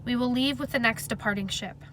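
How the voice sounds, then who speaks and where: A woman voicing a wounded male colonial captain who speaks in a hoarse, quiet, grave way. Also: a little high, a little fast, a little hiss or hum, close to an everyday voice, rough recording. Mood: grave, weary. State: hoarse whisper.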